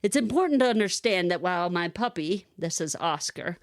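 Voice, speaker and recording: A woman co-hosting a podcast, telling a lively personal story in casual chat and laughing often. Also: fairly low pitch, a little fast, no echo. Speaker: podcast co-host.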